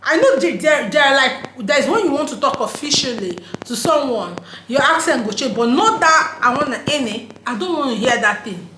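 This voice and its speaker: A woman's voice: high voice, expressive, normal speed, hardly any pauses, bright, forceful tone, slight background noise. A woman from Nigeria with a Nigerian accent, vlogging in a casual, emphatic monologue, laughing often and slipping into pidgin phrases. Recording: roomy echo.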